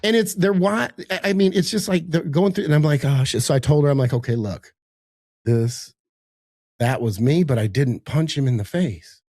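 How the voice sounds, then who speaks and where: A man's voice: a little high, normal speed, a little mellow, dry recording, clean studio sound. An older man, a podcast guest, telling a story in casual chat, acting out quotes, laughing often and swearing, speaking over a video call from his home office. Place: home office in a high-rise.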